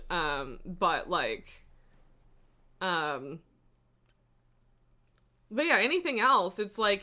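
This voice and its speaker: This woman livestreamer speaks at a medium pitch with a sharp tone, chatting casually with viewers. Her talk rambles across tangents, with plenty of laughter, fillers and profanity.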